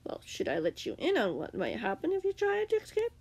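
A cruel male jailer taunts his prisoner in a low, hushed, threatening way, as a woman reading a fan story voices him. The voice is gravelly and swings widely in pitch. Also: wildly swooping pitch, brisk, full character voice. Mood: menacing. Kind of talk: amateur fanfiction reading.

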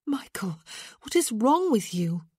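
A woman's voice: on the high side, lively intonation, normal speed, slightly rough, no echo, studio quality, voice pushed up. A woman voicing a young noblewoman who speaks sharply and insistently, scolding in an audiobook. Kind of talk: audiobook character voice.

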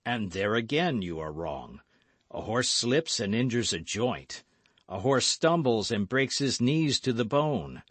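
A man voicing a weary, measured older musketeer patiently persuading a friend in an audiobook. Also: medium pitch, big pitch swings, fairly bright tone, dry recording. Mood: persuasive.

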